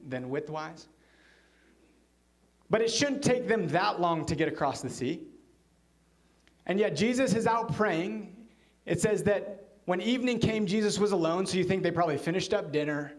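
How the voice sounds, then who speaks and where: Man preaching a sermon, high-pitched voice, storytelling, hushed low quoted lines. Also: moderate pace. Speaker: pastor. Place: church.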